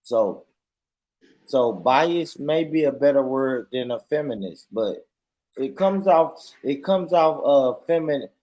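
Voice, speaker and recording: A man's voice: mid-range voice, animated, slow pace, dark tone. A man, a live stream guest who insists on his point, stammering and repeating himself. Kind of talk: casual live stream debate.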